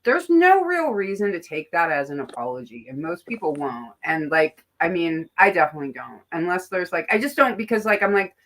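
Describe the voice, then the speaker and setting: Host, woman, lowish bright voice, chatty and animated, acts out the lines she quotes. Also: fairly quick, hardly any pauses. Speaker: tarot podcast host. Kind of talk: casual chat.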